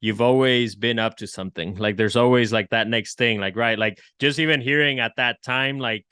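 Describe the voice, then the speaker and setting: A man's voice: mid-range voice, normal speed, bright, forceful tone, clean tone, no echo. A man hosting a podcast interview, chatting casually with lots of slang and restarts. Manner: loose, slangy, many restarts and "like", "bro". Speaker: podcast host.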